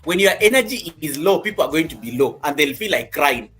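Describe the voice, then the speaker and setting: Bright-voiced man hosting a live class. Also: a little high, expressive, brisk. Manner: chatty, greets viewers by name, teasing. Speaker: live-stream host and YouTube coach. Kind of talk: casual live-stream class.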